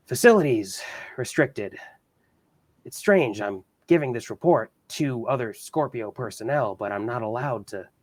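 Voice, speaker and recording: A man voicing a doctor who reads a clinical research log aloud, with hesitant pauses. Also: mid-range voice, no echo. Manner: dry clinical report, hesitant fillers. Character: male scientist recording a clinical research log.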